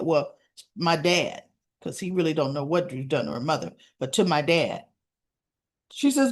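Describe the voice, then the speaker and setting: A woman's voice: sits low, big pitch swings, moderate pace, long pauses. A woman hosting a casual soap opera recap, retelling scenes and dialogue with chatty asides.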